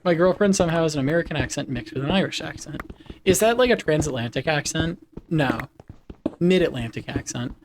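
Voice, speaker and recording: A man's voice: a little high, animated, brisk, background noise. A man chatting casually with his viewers on a live game stream, laughing often.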